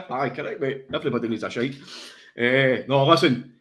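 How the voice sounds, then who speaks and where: A man's voice: mid-range voice, normal speed, a bit bright. A Scottish man on a football podcast, boisterous and swearing, laughing through the banter. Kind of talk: casual post-match banter.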